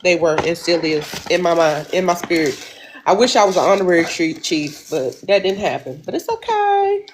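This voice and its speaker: A woman's voice: on the low side, moderate pace, slight background noise. A woman hosting a weekly affirmation livestream, chatting casually and exclaiming, calling her listeners baby.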